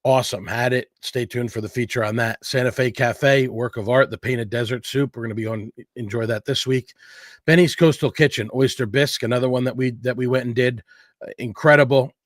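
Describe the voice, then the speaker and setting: A man hosts a casual food livestream in a chatty, upbeat way. He rambles a little between items, with plenty of fillers. His voice sits in an ordinary middle pitch, and the recording is dry and close with no room sound. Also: steady tone, brisk, no room sound. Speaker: host of a local food show. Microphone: livestream setup.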